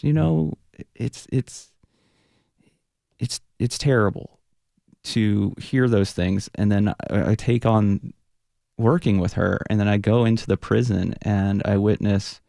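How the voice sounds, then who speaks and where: A man's voice: lowish voice, vocal fry, dark tone, no room sound. A man who is a Buddhist teacher and punk rock frontman, talking earnestly in a radio studio interview, often restarting and trailing off as he searches for words. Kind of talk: reflective radio interview conversation.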